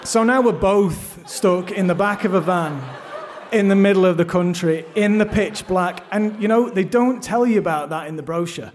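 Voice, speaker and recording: A man's voice: high voice, normal speed, background noise. Man, middle-aged, self-deprecating, live storytelling, theatre stage. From London, England. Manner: self-deprecating, wry, frequent restarts. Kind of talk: live first-person storytelling.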